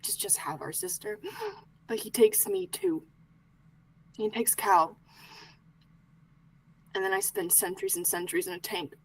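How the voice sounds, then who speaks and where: A woman playing Arlo, a grieving young man, talking in halting, pleading bursts that sink to whispers. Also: lowish voice, husky, rough recording.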